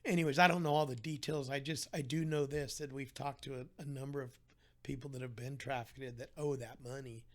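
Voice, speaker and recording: A man's voice: mid-range voice, steady tone, brisk. A man talking as a podcast guest, telling his story in an earnest, heartfelt way with frequent restarts. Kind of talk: candid conversational storytelling.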